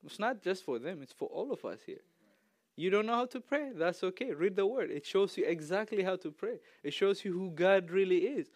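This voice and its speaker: A man's voice: sits high, animated, moderate pace, no room sound. Chatty man preaching a casual sermon. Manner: conversational, chatty, laughs easily. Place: church.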